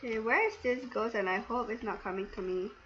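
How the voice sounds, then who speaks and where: A woman commenting while she plays a video game, muttering to herself and breaking into panicky, excitable outbursts. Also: fairly high pitch, brisk. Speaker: gaming video creator. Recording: dull lo-fi recording with faint noise.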